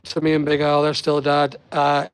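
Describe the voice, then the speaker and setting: A man's voice: a little high, monotone, normal speed, clear, resonant tone. A man with a Northern Irish accent, hosting a casual live stream and chatting with viewers by name in a rambling way. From Northern Ireland. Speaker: livestream host. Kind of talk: casual live chat reading viewer comments.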